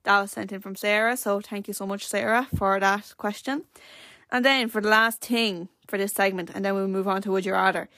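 A woman's voice: medium pitch, steady tone, fairly quick, pushed and bright, no room sound. A teenage Irish girl hosting her own podcast, rambling chattily with lots of fillers. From Ireland. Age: teens. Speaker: podcast host. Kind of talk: casual solo podcast chat.

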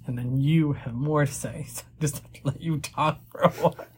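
A woman's voice: low-pitched, steady tone, normal speed, a little hiss or hum. A young woman co-hosting a casual film review chat, making dry, wry remarks. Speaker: podcast co-host.

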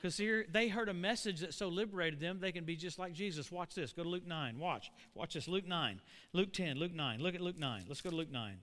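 A man preaching a storytelling sermon to a church congregation, animated and putting questions to the room. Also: a little high, a little fast. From Oklahoma. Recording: echoey church hall.

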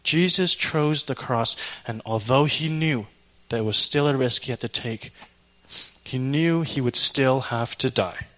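Bright-voiced man preaching with animated storytelling. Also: mid-range voice, a little slow. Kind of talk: sermon with personal story.

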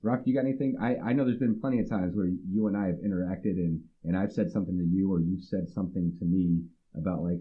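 A man's voice: low voice, fast talker, few pauses, narrow, tinny audio. A man co-hosting a podcast, speaking earnestly and reflectively, often restarting and acting out his own remarks. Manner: earnest and reflective, restarts often, quotes himself in animated asides. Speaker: podcast co-host. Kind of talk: casual podcast discussion.

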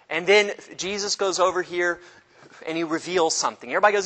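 A man teaching an informal Bible study class, animated and joking, acting out the people in the stories. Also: high voice, fast talker, big-room sound. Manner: animated, jokey, acts out voices of people in the story.

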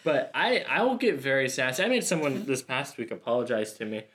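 A man co-hosting a podcast in casual chat, telling stories in an animated way and laughing as he talks. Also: medium pitch, a little fast. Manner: animated storyteller, laughs through his stories. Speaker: podcast co-host.

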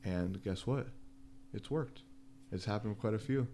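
A young man with a low voice, chatting on a podcast in a loose, joking way. Light room noise sits behind him, and his tone stays easygoing. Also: normal speed, vocal fry. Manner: relaxed, jokey, says "like" often. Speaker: podcast co-host, small business owner. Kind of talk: casual podcast chat.

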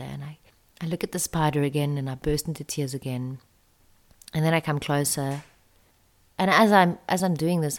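A woman with a low, deep-set voice tells a personal story. Her delivery is confessional and soft, often sinking close to a whisper.

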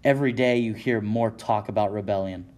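A man's voice: fairly low pitch, steady tone, fairly quick, a little mellow. A man giving dramatic scripted narration of an interactive story, addressing the listener directly. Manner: dramatic second-person storytelling.

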